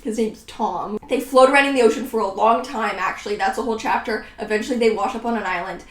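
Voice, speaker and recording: A woman's voice: a little high, quick pace. A woman in her twenties talking casually and with sarcastic self-mockery as she looks back on her own writing. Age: 20s. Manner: sarcastic, self-mocking, laughs at herself. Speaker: writing vlogger. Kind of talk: casual reaction vlog. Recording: roomy echo.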